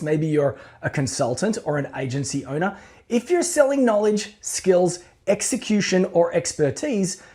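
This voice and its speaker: A man teaching business pricing to camera in a casual, animated way, acting out the people in his stories. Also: high voice, husky. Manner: animated storytelling, acts out quoted people. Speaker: business educator.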